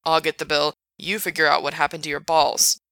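A woman voicing a blunt young man who teases his friend in a deadpan, mocking way. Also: sits low, a little fast, dry recording. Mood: teasing. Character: blunt teasing young man, laid-back buddy.

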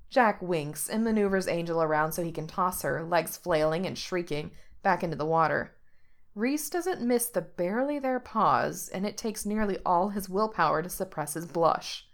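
A woman narrating a story aloud with steady, expressive delivery. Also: on the low side, moderate pace.

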